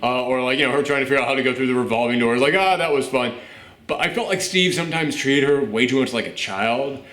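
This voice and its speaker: A man hosting a film review podcast at home, gushing and animated, often laughing as he talks. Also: medium pitch, fast, reverberant. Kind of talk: excited casual film review chat. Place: room at home with a dog nearby.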